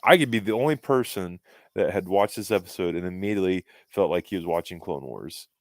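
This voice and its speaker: Low-voiced man rambling in casual chat. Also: brisk, no echo. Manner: rambling, restarts often, fan opinions. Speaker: podcast co-host.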